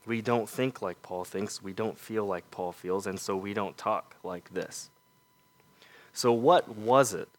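Slow and deliberate, a low-voiced male preacher earnestly fires a string of rhetorical questions at his listeners in his sermon. Whenever he reaches a key point, he lets his voice sink into a soft, quiet emphasis.

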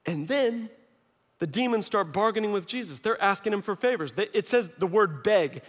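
A man with a fairly high voice delivers a storytelling sermon. He acts out the voices in the story and swings from hushed lines to shouting. The sound carries a long hall reverb. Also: lively intonation, unhurried, long pauses. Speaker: preacher.

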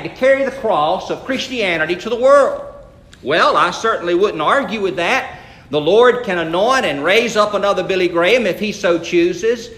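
A man's voice: high voice, pushed and bright. A man, the pastor, preaching a sermon in a folksy, conversational way with frequent restarts. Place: church sanctuary. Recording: echoey church sanctuary.

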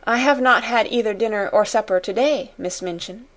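A woman voicing a grave young schoolgirl who speaks low, sad and quiet. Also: moderate pace, close to an everyday voice.

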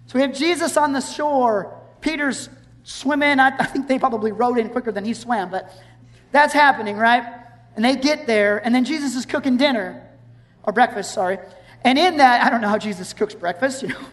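A woman's voice: fairly high pitch, normal speed. Woman preaching in an echoing hall. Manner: conversational and animated, acting out scenes. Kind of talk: sermon. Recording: long hall reverb.

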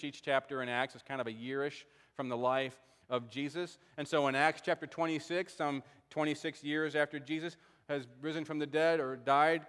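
Male pastor, slightly high voice, sermon delivery, questioning style, reverberant church hall. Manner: questioning, explains scripture aloud.

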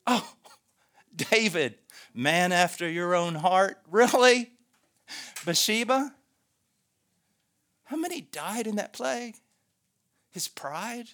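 Man doing a scornful devil voice, higher and louder than his own, full of jeering questions. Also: big pitch swings, unhurried, full character voice. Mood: mocking. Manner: mocking, scornful, rhetorical questions. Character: sneering male devil accusing God.

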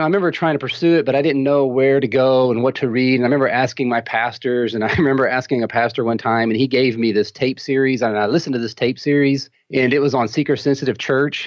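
A man with a Texan accent, a pastor who is a guest on the show, talking in a relaxed, chatty way. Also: mid-range voice, dry recording, highs cut off. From Texas. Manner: relaxed, chatty, laughs often. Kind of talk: casual interview talk.

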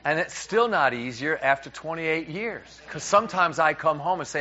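Middle-aged New preacher, man; lively storyteller who acts out both sides of a conversation, slightly dull recording. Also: a little high, a little fast, hardly any pauses, a crowd in the background. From New York. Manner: animated, repeats words, acts out dialogue. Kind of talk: humorous sermon storytelling. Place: church.

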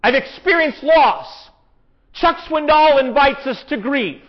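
A man's voice: extremely high pitch, takes it slowly. A man preaching a sermon in an earnest, conversational way, with emphatic rises. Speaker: pastor. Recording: dull, lo-fi sound.

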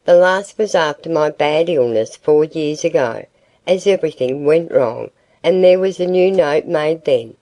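A woman reading aloud gives us a poor farmer's wife close to tears, her low, dark voice trembling as she pleads. She stays humble and anxious throughout this old-fashioned storybook scene. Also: animated, a little slow. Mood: tearful pleading.

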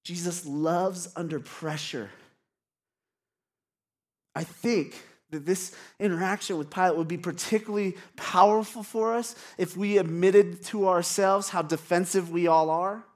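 Male pastor, high register, casual candid sermon delivery with self-deprecating asides. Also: fairly even intonation, a little slow. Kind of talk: conversational sermon. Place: church congregation.

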